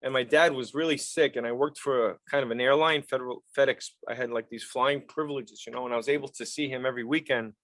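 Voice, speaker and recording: A middle-aged man hosting an interview podcast, talking sincerely and warmly with his guest. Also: medium pitch, fairly even intonation, fast, hardly any pauses, dry recording. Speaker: podcast host. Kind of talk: casual interview chat.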